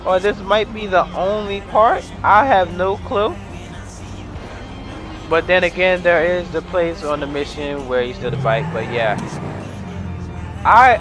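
A young man casually commenting on his own gameplay, rambling and profane, breaking into excited shouts. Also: on the high side. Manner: rambling, profane, bursts into excited yelling and laughter. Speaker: gamer narrating his gameplay. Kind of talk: casual let's-play commentary. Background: game music and sounds.

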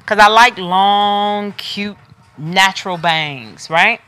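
A woman's voice: medium pitch, slow, sharp tone, clean tone. A woman hosting a live wig sales stream, chatting casually and talking straight to her viewers as she demonstrates pieces. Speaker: wig shop host selling on a live stream. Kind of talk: casual live product demo.

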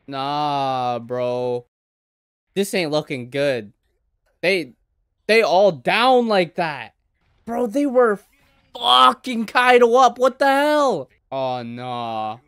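A man hosting an anime reaction with a lively pitch that jumps and swoops with each surprise. He talks at an unhurried pace, breaking into sudden exclamations and casual swearing. The sound is close and dry, with no room around it. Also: clear, resonant tone, dry recording. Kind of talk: live reaction commentary.

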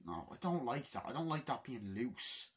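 A man's voice: mid-range voice, big pitch swings, normal speed. A man of twenty-two in a casual vlog, exasperated and swearing as he mutters to himself. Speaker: film collector vlogger.

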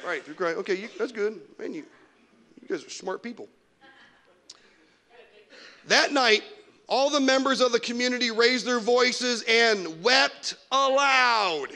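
High, bright-voiced preaching pastor. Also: male voice, a little slow, gravelly, long pauses. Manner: animated, preachy, mocking whiny voices of complainers. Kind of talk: sermon. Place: church sanctuary.

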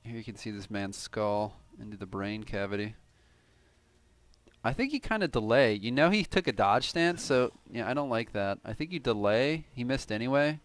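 A man from Cleveland, USA provides live commentary on a tournament game, casual yet analytical, with an occasional curse. His voice is mid-range and his speed normal.

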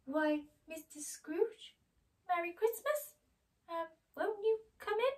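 A woman's voice: very high-pitched, expressive, takes it slowly, distant mic, pitched above the performer's own voice, exaggerated voice. A meek male clerk speaks politely, with a hesitant lift, as a woman reader puts him on. His voice sits well above her usual tone. It comes from a little back from the mic. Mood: timid, grateful.

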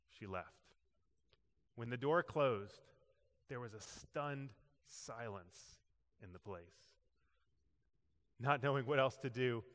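Male pastor, animated storyteller, crisp bright voice, long hall reverb. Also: mid-range voice. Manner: animated storyteller who acts out quoted voices. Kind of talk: sermon storytelling. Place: church sanctuary.

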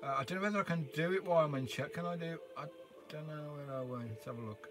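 An older man hosting a casual van life live stream, rambling warmly through viewer comments with lots of "uh" fillers, recorded inside his camper van. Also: a little high, fast talker, music in the background. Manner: chatty, rambling, frequent "uh" fillers, calls viewers mate and sugar. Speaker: vanlife live-stream host.

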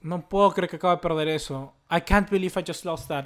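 High-voiced excitable young gamer. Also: male voice, quick pace. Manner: excitable, swears often, yells at the game. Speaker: gaming YouTuber. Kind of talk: live commentary over his own game.

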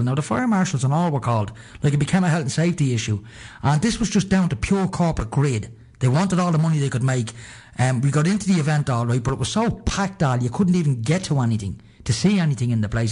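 A man's voice: on the high side, slightly rough. An Irish man in his thirties, co-hosting a radio show, chatting casually and joking. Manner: fast, animated, joking.

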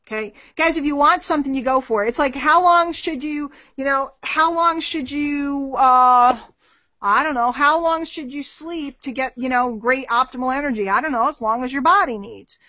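A middle-aged woman answering marketing questions on a live webinar, talking in a lively way and acting out little dialogues. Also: high-pitched, moderate pace, no echo. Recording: dull, dry lo-fi web call audio.

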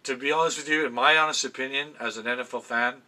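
A man's voice: medium pitch, fairly even intonation, fast talker, sharp tone. A middle-aged man, rambling casually to camera as a vlogger about football picks, chatty and full of restarts. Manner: chatty, self-interrupting, swears casually. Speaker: vlogger giving NFL picks. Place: home room with fan memorabilia.

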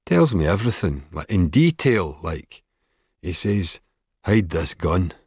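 A man voicing a cool, talkative male killer who speaks in a calm murmur in an audiobook. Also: sits low, a little slow, husky, dry recording, studio quality, heavily acted.

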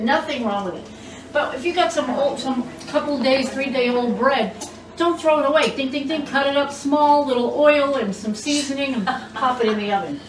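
A woman hosting a home cooking show, chatty and exclaiming as she cooks in her kitchen. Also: high-pitched. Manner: chatty and exclamatory, squeals when food turns out well. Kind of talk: casual cooking demonstration. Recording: roomy, distant mic, background hiss.

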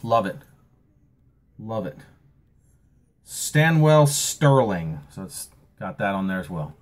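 A man's voice: medium pitch, slight background noise. Joking Eastern Shore Maryland man in his 40s. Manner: joking, rambling, self-mocking. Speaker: pipe-collecting vlogger. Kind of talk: casual unboxing chat.

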